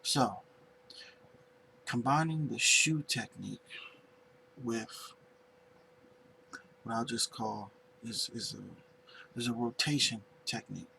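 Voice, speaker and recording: A man teaching finger drumming in a casual tutorial, unhurried and searching for words as he demonstrates on pads. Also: mid-range voice, creaky, bright, forceful tone, a little hiss or hum, poor audio.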